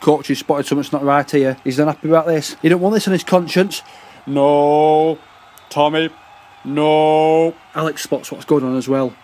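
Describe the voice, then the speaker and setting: A man narrating a story like excitable live sports commentary, swearing freely. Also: a little high, fast talker, few pauses.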